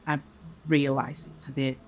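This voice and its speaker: A woman's voice: a bass voice, little pitch movement, normal speed, slight background noise. A woman from Mexico answering interview questions in a chatty way, laughing between thoughts.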